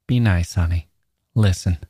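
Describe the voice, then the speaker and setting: A low, menacing drawl from a smooth-talking stalker who coaxes with easy slang, read aloud by a man. The voice sits deep and flat, and the recording is close and dry with no room sound. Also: a little slow, no echo. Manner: coaxing, drawling, casual slang.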